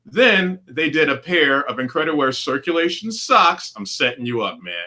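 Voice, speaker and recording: A man's voice: a little high, big pitch swings, moderate pace, sharp tone. A man, a physician hosting an interview, who jokes easily and sets up his questions at length. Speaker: physician host. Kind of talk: casual interview.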